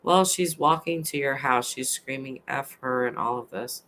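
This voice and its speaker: A woman's voice: extremely low pitch, normal speed, fairly bright tone, a little hiss or hum. A woman in her thirties hosting a casual livestream, reading chat aloud and ranting with passion, swearing now and then. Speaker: livestream host.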